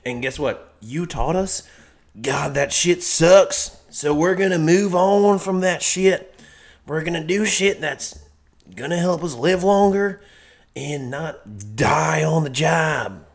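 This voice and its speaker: A man's voice: fairly high pitch, animated, rapid-fire, vocal fry, few pauses, sharp tone, reverberant, pitched above the performer's own voice, heavily acted. A man on a podcast putting on a grumpy old country redneck who rants crudely and blusters. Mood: ranting. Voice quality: profane, blustering. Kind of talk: podcast bit.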